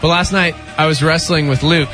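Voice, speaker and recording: A man's voice: fairly high pitch, steady tone, fairly quick, fairly bright tone. A man in his thirties co-hosting a morning radio show, joking and self-mocking in casual banter, with a cold. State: has a cold. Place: radio studio. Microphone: studio microphone. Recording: music bed underneath.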